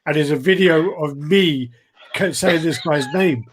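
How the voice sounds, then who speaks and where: A man's voice: a little high, a little slow, slight background noise. Rambling, laughing podcast man. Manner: rambling storyteller, laughs a lot. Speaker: podcast co-host. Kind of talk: casual podcast chat.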